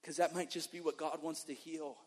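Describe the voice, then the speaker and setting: A male guest preacher with a somewhat high voice delivers an emphatic sermon and slides into animated storytelling. The sound carries a long, lingering reverb from a church sanctuary. His delivery keeps pressing on each point. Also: a little fast, slightly rough. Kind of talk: sermon and testimony.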